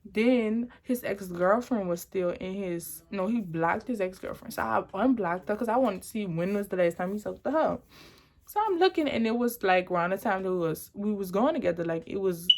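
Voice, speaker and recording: A woman's voice: mid-range voice, normal speed, a little mellow. A young adult woman telling a personal story on her vlog in a chatty, rambling, dramatic way. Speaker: vlogger.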